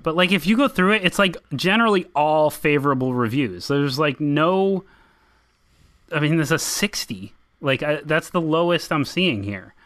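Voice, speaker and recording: Bright-voiced podcast host, dry close sound. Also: male voice, a little high, expressive, moderate pace, no echo. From central Massachusetts. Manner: opinionated, rambling with many "like"s and restarts. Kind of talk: casual chat.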